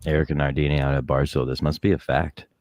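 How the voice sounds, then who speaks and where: A man's voice: extremely low pitch, flat delivery, fast, darkish tone, no room sound. A man hosting a casual group podcast, teasing his cohosts in a mock-stern way and laughing often. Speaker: podcast host.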